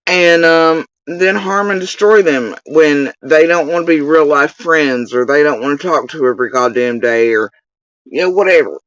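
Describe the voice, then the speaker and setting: A man's voice: a little high, moderate pace, hardly any pauses, a bit bright, clear, resonant tone, no room sound. Furious, profane man ranting at someone. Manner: profane, accusatory, insulting. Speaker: channel host. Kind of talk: angry direct-to-camera rant. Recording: dull lo-fi dry recording.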